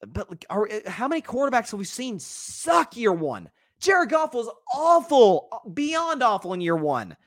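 A man hosting a casual solo sports podcast, talking in an animated, rambling way with many restarts. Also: extremely high pitch, unhurried, dry recording, clean studio sound. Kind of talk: casual solo sports commentary reading live comments.

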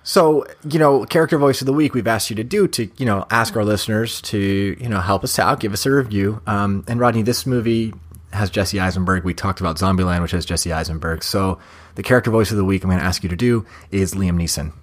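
Male podcast host, lower voice, dry teasing banter. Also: fairly quick. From Boston area, USA. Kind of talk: casual chat.

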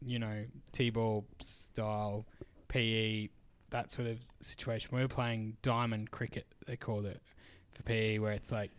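A man's voice: fairly low pitch, a little slow, clean tone. A young man with an Australian accent, co-hosting a casual chat and telling a story full of laughs and acted-out quotes. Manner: laughing, animated storyteller who acts out quotes. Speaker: podcast co-host. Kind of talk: casual storytelling among friends.

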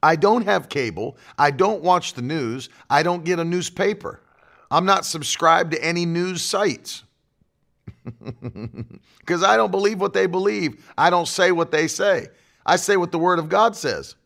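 A man's voice: sits high, measured pace, creaky, a bit bright. A male pastor preaching a fiery sermon to an online audience, hammering home his points by repeating them. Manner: emphatic, repeats key phrases.

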